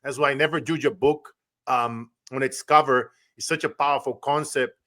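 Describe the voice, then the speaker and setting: A man's voice: medium pitch, fairly even intonation, moderate pace, fairly bright tone. A man from Brazil, hosting a casual interview in an earnest, enthusiastic way. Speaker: host.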